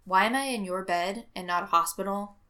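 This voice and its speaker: A woman's voice: mid-range voice, a little fast, bright, forceful tone, close to an everyday voice. Battered young man, weak and wry, mumbled jokes, as the reader puts him on.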